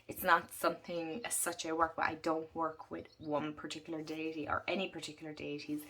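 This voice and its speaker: Chatty Irish woman, lowish voice. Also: fairly bright tone. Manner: chatty, rambling, with frequent fillers and restarts. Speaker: book and tarot vlogger. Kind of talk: casual chat to camera.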